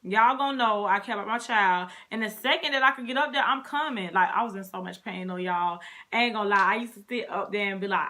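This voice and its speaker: A young woman vlogger telling her story in a casual, animated way, talking straight to her viewers. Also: mid-range voice, fast.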